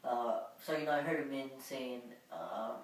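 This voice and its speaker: A woman's voice: extremely low pitch, lively intonation, normal speed, recorded from a distance. A woman vlogger telling a personal story in a casual, rambling way, full of filler words. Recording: very echoey room, voice away from mic, faint hum.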